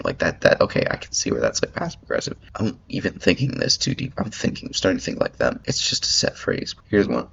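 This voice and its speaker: A man's voice: deep voice, very animated, fast talker, creaky, few pauses, a bit bright, husky. A man ranting in rambling commentary as he reads an article aloud, swearing often and filling his talk with "like". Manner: rambling, profane, lots of "like" fillers. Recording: dull lo-fi audio.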